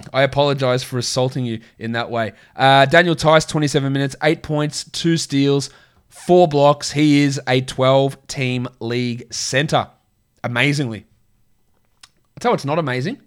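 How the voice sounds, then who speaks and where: A man with a crackly voice hosts a casual sports podcast at a middling pitch. He talks in a chatty, opinionated way and reels off numbers in quick lists. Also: clean tone. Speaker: podcast host.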